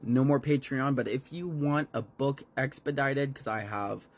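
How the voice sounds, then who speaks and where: A man's voice: medium pitch, measured pace. A man casually recapping a horror novel, rambling and swearing freely between fillers. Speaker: book reviewer.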